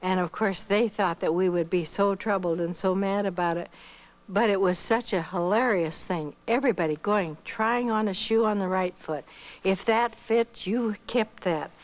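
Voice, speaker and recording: The speaker is an older woman, a missionary from Iowa in the United States, who talks at normal speed with a medium pitch. Her testimony about her life is storytelling, complete with lively impressions of what others said, captured on a rough recording.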